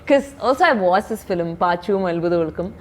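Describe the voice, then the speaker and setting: Rapid-fire young woman. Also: on the low side, slight background noise. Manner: animated storytelling, switching between English and Malayalam. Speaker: actress interviewed as guest. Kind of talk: casual chat.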